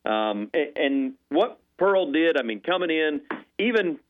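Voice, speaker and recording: A man calling in as a guest on a sports radio show, talking in a rambling, animated way with repeated words, heard over a phone line. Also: fairly high pitch, measured pace. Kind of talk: call-in sports chat.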